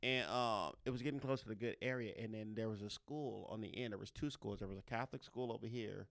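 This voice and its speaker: A man with a gravelly, bright voice tells a story in a relaxed podcast chat. He swears freely, laughs often and jumps into loud bursts when he acts out what happened. The sound is dry and close. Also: fairly low pitch, fast, no echo. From Los Angeles. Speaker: podcast host.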